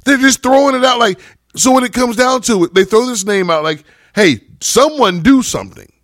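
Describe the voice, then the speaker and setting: A man's voice: very high-pitched, brisk, fairly bright tone, no echo, studio quality. A man on a casual podcast panel, ranting heatedly and emphatically, with frequent cursing.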